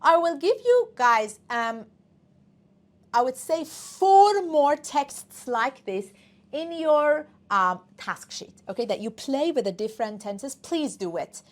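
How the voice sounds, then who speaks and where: A woman's voice: high-pitched, lively intonation, slow. A woman whose first language is Persian, teaching an online English test class, coaxing students and often checking in with "okay?".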